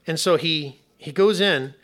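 Man, pastor, casual humorous sermon, slightly high, bright voice. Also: measured pace. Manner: conversational, humorous, drops to soft tones when serious. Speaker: pastor and hospice chaplain.

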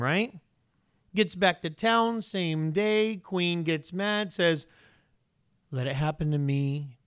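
A man preaching a casual sermon, telling Bible stories in an animated way with casual slang. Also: high-pitched, dry recording, studio quality.

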